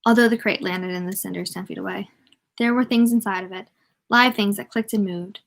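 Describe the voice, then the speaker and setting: A woman's voice: mid-range voice, fairly even intonation, brisk, gravelly. A woman reading a novel aloud in a casual way, often stumbling, correcting herself and adding joking asides.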